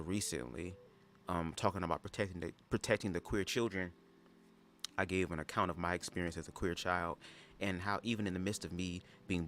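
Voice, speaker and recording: A man's voice: sits low, a bit bright, slight background noise. A young man giving sassy, chatty commentary on a livestream, often calling listeners "girl". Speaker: livestream host reading a book aloud.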